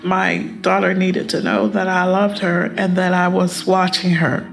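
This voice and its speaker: A middle-aged woman, a mother being interviewed, recalling the past in a restrained way with a gravelly voice. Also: fairly low pitch, little pitch movement, a little slow, faint music behind. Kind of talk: personal recollection in an interview.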